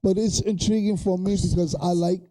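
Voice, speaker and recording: A young adult man co-hosting a podcast in relaxed, rambling casual chat. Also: sits high, brisk. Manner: laid-back, rambling with fillers. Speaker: podcast co-host.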